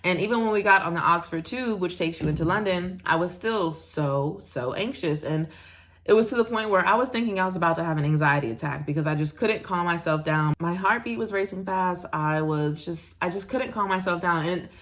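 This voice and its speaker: A woman's voice: on the low side, fairly quick. Chatty young American woman vlogging. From United States. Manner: chatty, frequent "like" and little laughs. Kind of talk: casual vlog narration.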